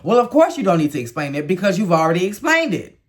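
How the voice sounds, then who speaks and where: A man talking casually in a review vlog. He gives blunt, emotional opinions and now and then jumps up into high exclamations. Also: big pitch swings, fast talker. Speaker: reality TV reviewer.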